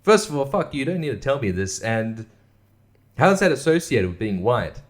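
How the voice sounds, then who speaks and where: A man's voice: medium pitch, very animated, fairly quick. A man hosting a casual solo show, sarcastic and mocking, swearing often and laughing at what he reads. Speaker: podcast host.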